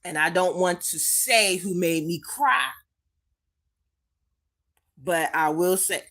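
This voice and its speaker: A woman hosts a live chat from home, talking very slowly with her voice on the edge of tears. She repeats her words of encouragement and calls her viewers sweetie and baby. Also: on the low side, a bit bright. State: holding back tears. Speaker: livestream host reading chat.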